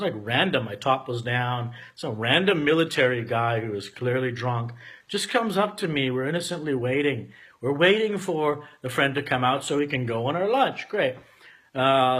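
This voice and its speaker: A man in his forties telling a candid personal story, emphatic and profane, swinging between loud outbursts and quiet asides. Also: mid-range voice. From Canada.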